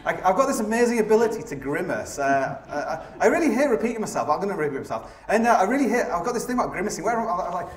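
Guy rattling off a comedy climbing talk, kinda high voice, echoey theatre from far off. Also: sing-song, racing, few pauses. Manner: rambling, self-mocking, full of fillers and restarts. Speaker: climber giving a stage talk. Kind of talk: comic live stage talk. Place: large theatre stage before a laughing audience. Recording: echoey live theatre sound from a distance.

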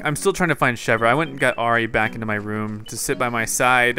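A man's voice: mid-range voice, fairly even intonation, fast, few pauses, clear, resonant tone, faint music behind. A man giving casual, chatty gameplay commentary, talking to himself and to someone off-mic, and now and then calling out a name. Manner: repeatedly shouts a name into the game mic. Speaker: gaming YouTuber.

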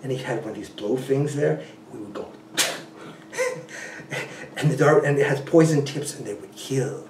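A man's voice: medium pitch, normal speed, slight background noise. A man being interviewed about ultrarunning, telling stories casually with frequent laughs and restarts. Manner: animated, laughing often, many restarts and you-knows. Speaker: ultrarunner guest. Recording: roomy, a bit distant from the mic.

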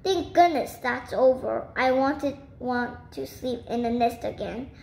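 A woman's voice: sits high, unhurried, creaky, darkish tone. A woman voicing an alarmed mother crying out for help in a storybook reading. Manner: alarmed, pleading. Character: panicky mother, shrunk into a bird. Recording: roomy with faint noise.

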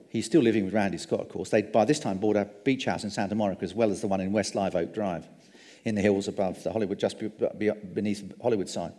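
A man giving a public lecture, an animated storyteller with frequent ums and wry asides. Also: on the low side. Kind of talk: public lecture on film history. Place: lecture hall. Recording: long hall reverb.

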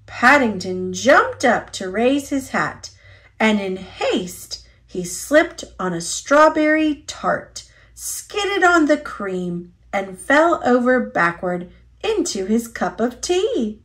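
A woman reading a children's picture book aloud in a slow, expressive storytelling voice. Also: a little high. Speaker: storybook reader. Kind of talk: children's read-aloud narration.

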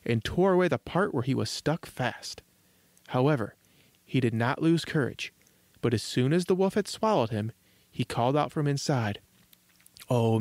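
A man hosting a children's story podcast, reading fairy tales aloud in a measured, gentle way. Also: mid-range voice, dry recording. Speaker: storyteller host. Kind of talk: scripted storybook narration.

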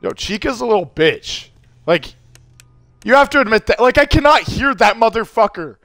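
A young man streaming a horror game, swearing and screaming in panic as he goes hoarse from yelling. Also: extremely high pitch, expressive, moderate pace, dry recording. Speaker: gaming streamer. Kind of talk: horror game playthrough commentary.

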